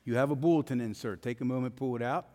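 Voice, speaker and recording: A man's voice: medium pitch, fast talker, dark tone. A male pastor preaching a sermon with an emphatic rising and falling cadence. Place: church sanctuary. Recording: long hall reverb.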